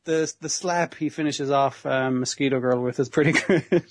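A man's voice: mid-range voice, moderate pace, background noise. A man co-hosting a casual podcast, recapping an anime episode, laughing often and swearing freely. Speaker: podcast co-host.

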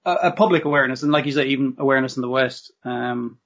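A man co-hosting a casual podcast chat, animated, with some hedging and swearing. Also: medium pitch, quick pace, highs cut off. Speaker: podcast co-host.

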